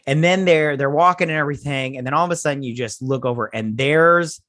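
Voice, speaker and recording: Excitable rambling male reviewer. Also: a little high, a little fast, no echo, studio quality. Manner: rambling, excitable, with frequent restarts and acted-out quotes. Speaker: host. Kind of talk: casual episode recap and review.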